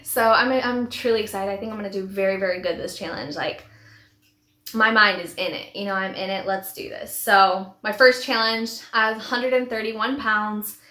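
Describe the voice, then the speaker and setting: A woman in her thirties talks heartfelt and rambling, often restarting her sentences. Her voice sits a bit high, and the room around her rings with echo. She is sharing a personal story as a vlogger. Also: pushed and bright. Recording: echoey room.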